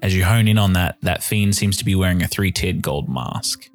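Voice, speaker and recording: Low-voiced man narrating a tabletop game. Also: normal speed, soft background music. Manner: descriptive, relaxed narration with fillers. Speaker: game master.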